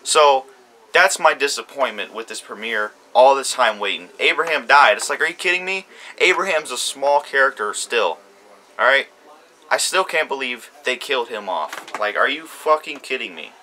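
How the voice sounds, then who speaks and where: A man's voice: mid-range voice, expressive, moderate pace, pushed and bright, a little hiss or hum. A man ranting about a TV show premiere, heated, profane and repeating himself. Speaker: YouTube commentator. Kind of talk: ranting TV reaction.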